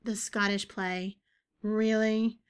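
A woman voicing a cheeky half-human, half-bird woman with a gravelly, rasping voice and a needling, whiny manner. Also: mid-range voice, level tone, slow, close to an everyday voice. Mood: wry.

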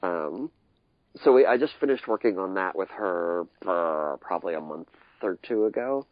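A man's voice: low voice, animated, moderate pace, no room sound. A middle-aged man, a guest in a casual chat, rambling and laughing often. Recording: dry muffled recording.

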